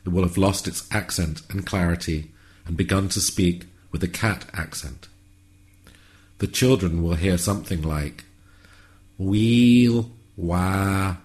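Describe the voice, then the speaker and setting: A man narrating a whimsical story in a calm, measured, wry way. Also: low voice.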